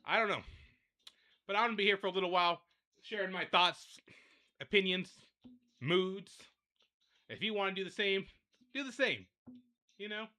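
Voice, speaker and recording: A man's voice: sits high, moderate pace, long pauses, sharp tone. A young man hosting a livestream, ranting and rambling in a repetitive, fed-up way while addressing his viewers directly. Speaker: livestream host.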